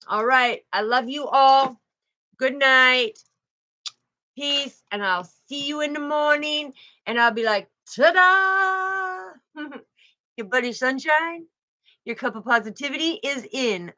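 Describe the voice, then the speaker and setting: Bright-voiced woman hosting a spiritual livestream. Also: a little high, rough recording. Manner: effusive and protective, greets viewers by name. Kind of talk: casual livestream chat with viewers.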